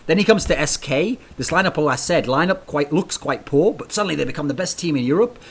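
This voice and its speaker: A man hosting an esports talk show, animated and teasing as he presses his guest. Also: fairly high pitch, quick pace, heavy background noise. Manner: animated, teasing, mock-dramatic. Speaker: podcast host.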